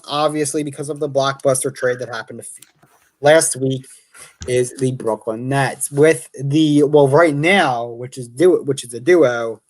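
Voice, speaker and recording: A man hosting a casual sports talk show. He is an opinionated fan who thinks aloud, corrects himself, and reads statistics off the screen. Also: medium pitch.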